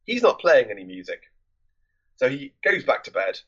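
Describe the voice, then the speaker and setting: A man's voice: mid-range voice, big pitch swings, moderate pace, muffled recording. A man hosting a film podcast, recapping a movie plot in a loose, rambling, conversational way.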